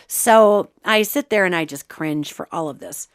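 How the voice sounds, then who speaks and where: Her voice is lowish, unhurried, clear and resonant, captured in clean studio sound without echo. The Montana podcast host chats animatedly through casual spiritual commentary, pausing to dramatize quoted lines.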